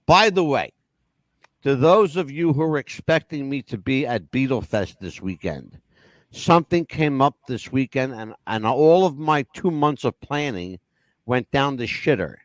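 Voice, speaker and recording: A man hosting a casual talk-radio show, telling stories with animated, crude and profane patter. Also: medium pitch, unhurried, dry recording. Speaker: radio host.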